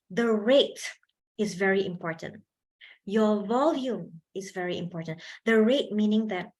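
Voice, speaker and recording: Animated woman teaching public speaking. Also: mid-range voice. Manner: animated, laughs often, chatty fillers. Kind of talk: lively workshop lesson. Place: university event hall. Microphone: handheld mic.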